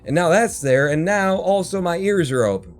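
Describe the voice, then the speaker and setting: A man's voice: high voice, expressive, normal speed, soft background music. A man hosting a livestream, telling a story as a heated, heavily profane rant from home. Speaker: livestream host. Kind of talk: casual ranting story. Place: home, indoors.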